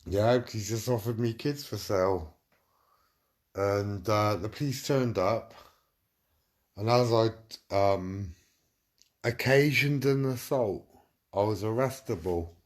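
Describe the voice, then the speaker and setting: A man's voice: fairly low pitch, takes it slowly, pauses often. A middle-aged man telling a casual anecdote, swearing freely and acting out what people said. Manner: swearing, acts out quotes with "I said". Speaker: storyteller.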